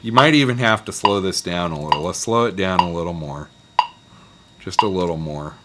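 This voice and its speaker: A man teaching a casual guitar lesson, talking students through a scale in a relaxed, encouraging way and counting picking strokes aloud. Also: sits low, normal speed, very noisy. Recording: loud guitar playing underneath.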